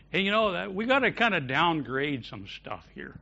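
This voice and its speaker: A man preaching a sermon as pastor of a church, shifting between loud emphatic declarations and quiet storytelling. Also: a little high, vocal fry, highs cut off.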